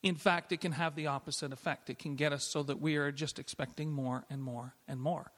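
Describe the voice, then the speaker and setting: A middle-aged man preaching in a church sanctuary, his slightly high voice ringing with a long hall reverb. He talks in an easygoing, conversational way, restarting phrases and laughing lightly as he goes. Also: fairly even intonation, brisk, a bit bright. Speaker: pastor. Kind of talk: sermon.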